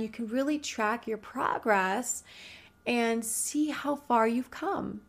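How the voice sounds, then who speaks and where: Woman, friendly coach type, slightly higher voice, conversational advice talk full of questions to the listener. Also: takes it slowly, creaky. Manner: chatty, addresses listener directly with many rhetorical questions. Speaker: goal-setting coach. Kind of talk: casual advice monologue.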